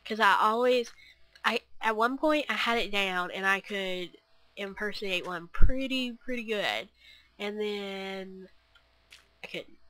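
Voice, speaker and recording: A woman's voice: mid-range voice, slow pace, bright, forceful tone, no room sound. A young woman chatting to camera in a scattered, rambling way, full of fillers and restarts. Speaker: vlogger. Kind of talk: rambling casual chat.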